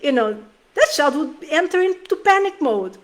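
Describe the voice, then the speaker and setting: A woman's voice: sits high, very animated, moderate pace. A woman in her thirties giving an earnest, emotional talk on parenting straight to the camera, often restarting her sentences. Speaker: parenting vlogger.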